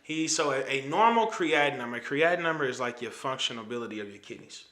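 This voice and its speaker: Thirties male guest, casual animated storyteller, roomy echoey room. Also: medium pitch, fast. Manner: animated, slangy, retells dialogue. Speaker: podcast guest. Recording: roomy echo.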